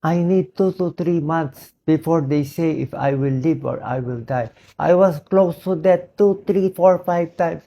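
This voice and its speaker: Hoarse filipino guy, doctor talking slow and earnest, mixes english and tagalog. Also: fairly high pitch, muffled recording. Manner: switches between English and Tagalog, earnest and pleading. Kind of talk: emotional personal monologue.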